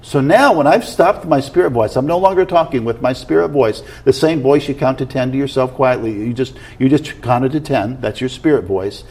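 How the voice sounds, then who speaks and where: A man's voice: medium pitch, normal speed, hardly any pauses, a little mellow, husky. A man teaching about prayer in conversation, explaining in an earnest way and often checking that he is followed.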